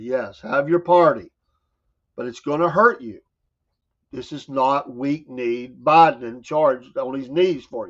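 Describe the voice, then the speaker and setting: A man's voice: fairly high pitch, dull audio. Fired-up Southern man hosting talk radio. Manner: emphatic, combative, laughs at his own jokes. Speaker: morning show host. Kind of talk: opinionated talk show monologue.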